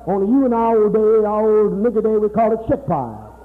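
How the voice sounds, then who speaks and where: A man preaching a sermon to his congregation in a mocking, profane manner, swinging between loud outbursts and hushed, confiding talk. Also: sits high, sing-song, brisk. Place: church hall. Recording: tinny old tape from a reverberant hall.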